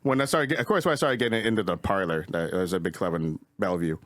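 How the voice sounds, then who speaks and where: A man's voice: low voice, fast, fairly bright tone, dry recording. A man guesting as a comedian on a podcast, telling rambling stories full of fillers and swearing. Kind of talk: casual podcast storytelling.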